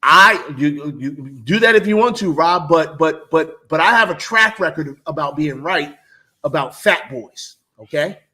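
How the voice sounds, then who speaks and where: A man's voice: a little high, lively intonation, measured pace, bright, forceful tone. A man co-hosting a sports talk show, arguing his predictions emphatically, repeating words and swearing freely. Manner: emphatic, profane, repeats himself. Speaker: sports podcast co-host. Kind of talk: heated casual sports debate.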